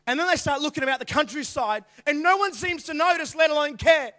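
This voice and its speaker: A male youth preacher with a strikingly high voice delivers a lively sermon. He drops to quiet asides and then builds to shouted lines, acting out scenes as he goes. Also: brisk. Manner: animated, acts out angels' voices, swings from quiet asides to shouts. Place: church youth hall.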